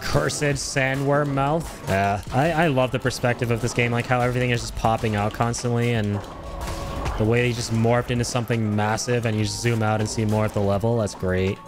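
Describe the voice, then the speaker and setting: A man streaming a video game, reacting loudly to his chat, swearing, laughing and yelping in surprise. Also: fairly quick, over music. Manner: excitable, swears, frequent laughs and sudden high yelps.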